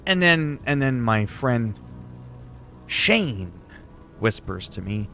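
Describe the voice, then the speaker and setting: A man's voice: mid-range voice, very animated, slow pace, sharp tone, soft background music. A man streaming games, chatting in a rambling, joking way with some swearing. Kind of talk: casual chat while gaming.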